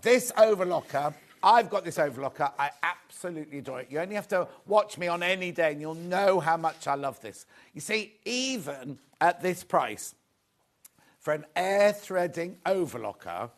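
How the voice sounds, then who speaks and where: Brit guy on a live shopping show, kinda high voice, rambles and moans a lot. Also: lively intonation, normal speed. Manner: chatty, rambling, self-deprecating grumbles. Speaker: shopping channel presenter. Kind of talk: live sales chat.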